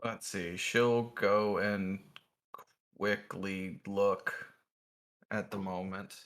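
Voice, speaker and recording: Guy playing a tabletop game, very slow and unsure, bright voice. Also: deep voice, fairly even intonation. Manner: hesitant, short replies. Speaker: player.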